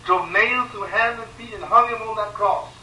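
A man preaching a sermon with emphatic repetition, swinging between loud pleading and quiet, sorrowful lines. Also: high-pitched, fairly even intonation, moderate pace, a little hiss or hum. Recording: echoey room from far off, faint ambience.

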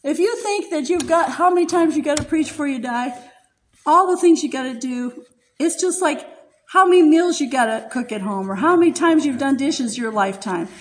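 High-voiced older woman preaching heartfelt testimony. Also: lively intonation, moderate pace, poor audio. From United States. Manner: emotional, laughs often while speaking.

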